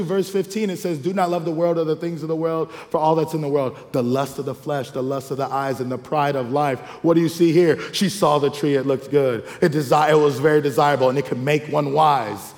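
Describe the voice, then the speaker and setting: A male pastor, preaching a lively sermon with call-and-response asides and acted-out quotes. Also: fairly high pitch, moderate pace. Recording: long hall reverb.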